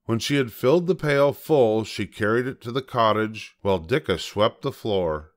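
An older man reads a children's storybook aloud in a gentle, measured way. His voice sits a little low for a man, calm and steady.

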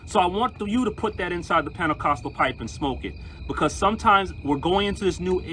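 A man, a pastor, talking to viewers in an emphatic, animated preaching style and telling stories. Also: sits high, slight background noise, poor audio.

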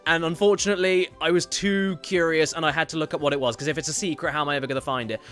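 A man chatting casually during a live game stream and reading viewer messages aloud with quick asides. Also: a little high, fairly even intonation, a bit bright. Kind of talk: casual live-stream chat while gaming. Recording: faint game music behind.

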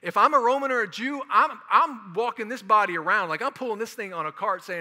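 A man preaches in a church, joking and chatting his way through the sermon. His voice is sharp and bright and sits a little high. The sound carries a long echo from the big hall. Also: a little fast, few pauses. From Houston, Texas. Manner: animated, joking, conversational preaching. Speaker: pastor. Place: church sanctuary.

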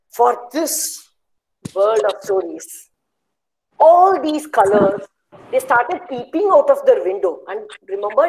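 A woman telling a children's story in an online webinar, animated and chatty with many "you know"s. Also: fairly high pitch, a little hiss or hum, low-quality recording. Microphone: video call.

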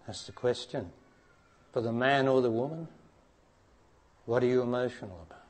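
A man giving a spiritual talk to an audience, blunt and challenging, dropping to hushed tones and then rising to emphatic ones. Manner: blunt, challenging, preacher-like, asks direct questions; swings between hushed low passages and raised emphatic ones. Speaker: spiritual teacher.

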